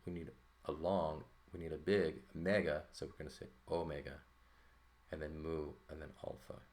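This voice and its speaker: A man teaching a Greek lesson in a relaxed, thinking-aloud way, with fillers and checks like "right?". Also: a bass voice, normal speed. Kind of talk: casual lesson walkthrough.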